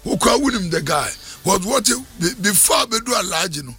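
A man preaching a fiery sermon in a chanting, sing-song shout, with faint music behind. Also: high voice, animated, a little fast.

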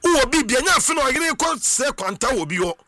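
A man with a Ghanaian accent gives an excitable, animated monologue, mixing Twi and English and breaking into shouts and sing-song. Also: very high voice, fairly quick, no echo, clean studio sound.

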